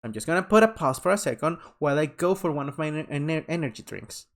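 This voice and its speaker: A man's voice: a little high, lively intonation, fast. A man chatting casually on a live game stream, rambling and tripping over his words. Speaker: streamer playing a story game. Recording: game music under the voice. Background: game music.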